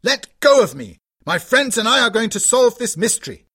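Frantic husband voiced by a man, husky and lively, audiobook drama. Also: on the high side, moderate pace, full character voice. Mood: distraught. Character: anxious agitated husband, middle-aged man.

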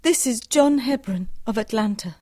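A woman's voice: fairly high pitch, lively intonation, normal speed, mellow, dry recording, studio quality. A woman as an earnest, pleading young wife. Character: devoted young wife and mother hiding a secret. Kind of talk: audiobook drama.

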